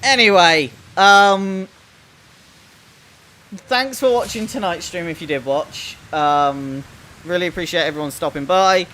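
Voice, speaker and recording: A man with a high, sharp-toned voice chats a little slowly while streaming a game. He swears freely, jokes at his own expense, and notes that people consider his voice weird and cartoonish. Quiet in-game music runs in the background.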